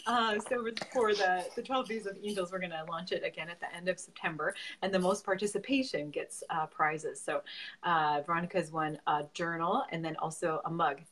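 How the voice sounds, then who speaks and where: Effusive, lower-voiced woman host. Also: steady tone, fairly quick. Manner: warm, effusive, giggly. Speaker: host, spiritual advisor. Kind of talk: casual interview.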